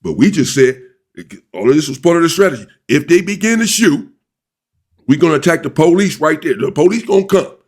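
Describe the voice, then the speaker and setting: A man telling, in first person, a story of a riot he took part in while in prison; he talks deliberately and often restates his points. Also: fairly high pitch, animated, darkish tone. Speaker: former inmate recounting a prison riot.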